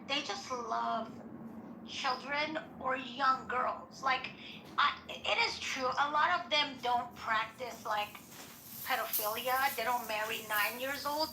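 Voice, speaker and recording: A woman tells a story in a casual chat, her voice bright and a little high. She acts out the quotes as she goes. The sound is echoey with faint background noise. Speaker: participant in a social audio chat room.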